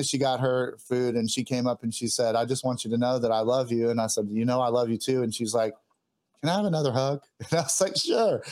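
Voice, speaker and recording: A man's voice: mid-range voice, darkish tone. A man, a guest musician, telling a personal story in an earnest, heartfelt way, often stopping and restarting as he gets emotional.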